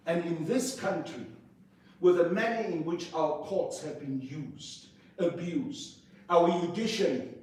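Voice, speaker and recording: A man, speaking as an interview guest in a forceful, indignant way, piling up rhetorical questions. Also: a little high. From South Africa. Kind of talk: impassioned political interview. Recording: echoey room, distant mic, faint noise.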